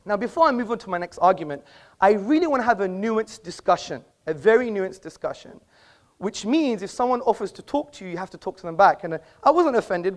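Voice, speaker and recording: A man speaking as a debater in a live public debate, making emphatic, rhetorical points to an audience in an auditorium. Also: high-pitched.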